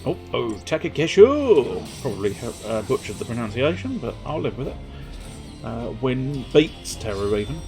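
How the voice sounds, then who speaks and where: A man's voice: medium pitch, animated, normal speed. A young man streaming a video game, chatting and rambling to viewers in a self-amused way, sometimes singing joke lines. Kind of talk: casual gameplay commentary. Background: faint game music.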